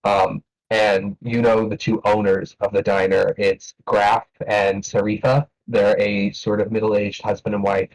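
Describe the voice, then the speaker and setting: A man narrating as game master of a tabletop game, relaxed and hesitant with many fillers. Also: lowish voice, measured pace, few pauses, rough recording.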